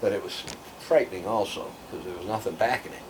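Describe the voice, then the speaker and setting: An older man spins a long, rambling story in a low voice, acting out the people he met and dropping almost to a whisper for asides. He sits some way from the microphone, and steady background noise runs under his talk. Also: fast talker. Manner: acts out voices in his stories, drops to a near whisper for asides. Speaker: storyteller guest. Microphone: far from the mic. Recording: distant mic, audible background noise.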